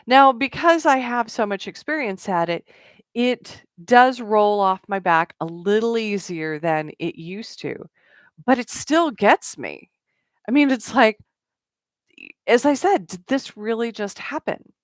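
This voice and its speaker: A woman's voice: on the high side, very animated, measured pace, dry recording, studio quality. A middle-aged woman talking casually as a networking coach, with many fillers and quoted asides. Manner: conversational with fillers and acted-out quotes. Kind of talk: casual talk to camera.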